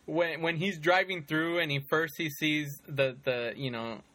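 A man hosting a casual chat about movies, telling scenes in an animated way with lots of fillers and frequent laughter. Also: a little high, a little slow, no room sound. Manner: animated storytelling, many fillers, laughs often.

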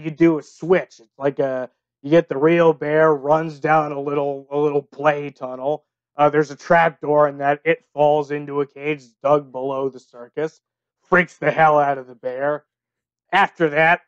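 A blunt, deadpan former circus sideshow man, played by a man lays out grim details matter-of-factly in a slightly raised voice. The sound is dry and a bit dull, with no room around it. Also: fairly high pitch, smooth, no echo, lightly acted. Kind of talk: improvised comedy podcast.

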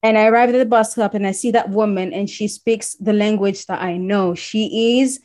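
A woman's voice: medium pitch, steady tone, moderate pace, a little mellow. A woman from Congo telling a personal story in casual conversation, acting out the voices of people she quotes.

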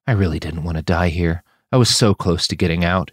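A man voicing the quiet, resigned inner thoughts of a wounded man fleeing gunfire. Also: sits low, fairly quick, no echo, studio quality.

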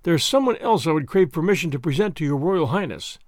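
A man's voice: a little high, lively intonation, fast, no echo, clean studio sound, close to an everyday voice. A man doing a ceremonious English lord. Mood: formal. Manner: ceremonious, deferential. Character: formal English lord, courteous host.

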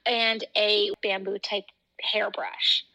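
A woman's voice: mid-range voice, level tone, slow, bright, forceful tone, low-quality recording. A young woman co-hosting a podcast, chatting casually and telling upbeat stories full of "like" fillers. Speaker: podcast co-host. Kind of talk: casual chat.

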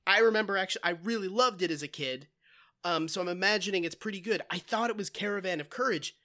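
A man's voice: sits high, fast talker, pushed and bright. A man co-hosting a podcast, telling jokey stories in casual chat, full of "like" and "um". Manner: jokey storyteller, many fillers like "like" and "um". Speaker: podcast co-host. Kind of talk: casual comedic movie chat.

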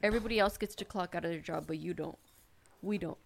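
A woman's voice: fairly low pitch, quick pace, vocal fry. A woman who is a podcast guest, talking candidly and easily and laughing often. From Mexican-American family. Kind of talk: casual chat. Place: California.

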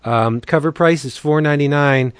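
A man hosting a casual comics podcast, reading deals in a playful pitchman manner. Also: moderate pace, clear, resonant tone, no room sound. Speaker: podcast host. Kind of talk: casual podcast chat with ad reads.

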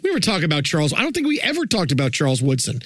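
A man co-hosting a casual sports podcast, telling an animated story and acting out what people said. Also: a little high, racing, no room sound. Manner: animated storyteller, acts out quotes. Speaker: podcast co-host.

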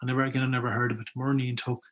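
A man with an Irish accent chats in rapid-fire fashion about folklore he collected, his mid-range, fairly bright voice showing little pitch movement. The casual storytelling rambles, with lots of restarts and asides.

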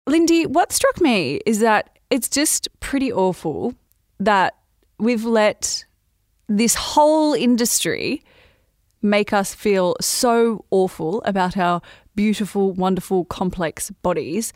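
A woman co-hosting a casual podcast, her voice sitting in a middle pitch. She is chatty and playful, trading jokes before settling into earnest points. The recording is dry and close. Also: lively intonation, takes it slowly, darkish tone, no echo. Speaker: podcast co-host. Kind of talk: casual chat.

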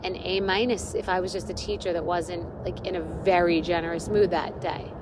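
A woman's voice: fairly low pitch, normal speed, noisy background. A middle-aged woman hosting a podcast, telling a story in a casual, self-mocking rant and acting out what people said. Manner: self-deprecating, animated storytelling with acted-out quotes. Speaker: podcast host.

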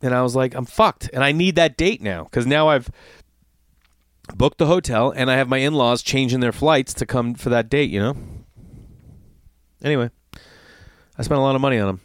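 Profane, animated man telling a story. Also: medium pitch, normal speed, pauses often, dry recording, studio quality. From Los Angeles area. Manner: animated, profane, exasperated retelling with acted-out quotes. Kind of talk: casual storytelling monologue.

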